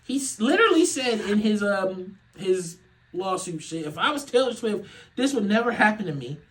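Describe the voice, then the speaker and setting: Animated, laughing young man ranting. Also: normal speed, rough recording. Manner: animated and profane, laughing often, swinging from loud outbursts to low mutters. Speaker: podcast host. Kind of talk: casual comedic rant.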